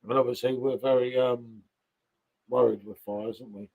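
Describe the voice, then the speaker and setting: A man's voice: mid-range voice, steady tone, moderate pace, gravelly, darkish tone, slightly rough. A man hosting a casual live stream from his home, chatty, and he keeps tagging questions onto what he says. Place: home sitting room.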